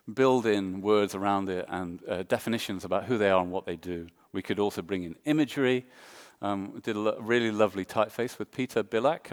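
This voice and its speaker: An Englishman giving a design talk on a conference stage, self-deprecating and joking, with lots of ums and uhs. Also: lowish voice. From England. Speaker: conference speaker.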